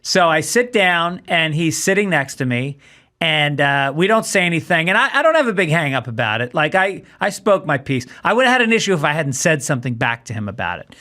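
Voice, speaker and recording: A middle-aged man, a comedian guest, telling an animated story and acting out both sides of the dialogue. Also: on the high side, a little fast. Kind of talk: casual chat.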